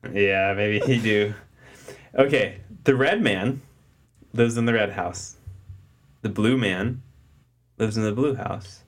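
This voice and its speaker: A man's voice: on the low side, slow, long pauses. Playful young man co-hosting. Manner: playful, reads from an article. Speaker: co-host. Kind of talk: casual chat.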